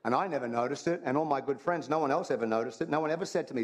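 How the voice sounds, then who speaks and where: A man's voice: mid-range voice, very fast. Guy preaching a sermon, chatty and funny, keeps repeating lines, normal mid voice. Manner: conversational and humorous, repeats phrases. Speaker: pastor.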